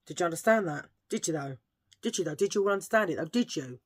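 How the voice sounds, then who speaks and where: Lady vlogger, low-ish voice, chatty, cracking corny jokes. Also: lively intonation, quick pace, breathy edge. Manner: chatty, jokey, rambling asides. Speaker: beauty vlogger. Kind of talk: casual chat to camera.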